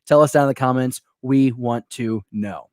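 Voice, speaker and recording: Energetic male live-show host. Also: medium pitch, normal speed, dry recording, clean studio sound. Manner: energetic, rambling, joking.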